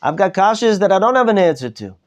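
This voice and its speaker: A man's voice: high voice, sing-song, fast, voice pushed up. A man acting out an elderly rebbe who pleads with God in a raised, impassioned voice. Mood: anguished pleading. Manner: impassioned, pleading, raising his voice.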